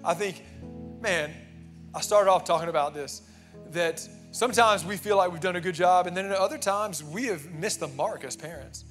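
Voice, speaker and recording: A man's voice: sits high, moderate pace, fairly bright tone, soft background music. A young man preaching a sermon in a church, talking emphatically and conversationally, often calling out "amen". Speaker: pastor. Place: church sanctuary.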